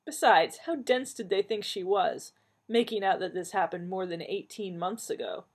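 A woman reading an audiobook in an expressive, dramatic way. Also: on the low side, moderate pace, breathy edge. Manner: dramatic, rising with the heroine's alarm. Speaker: audiobook narrator.

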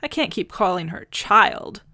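A woman's voice: medium pitch, lively intonation, measured pace, pushed and bright, dry recording, studio quality. A woman putting on a fussy, haughty old man. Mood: fussy, indignant. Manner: prim, indignant, with a questioning "hmm".

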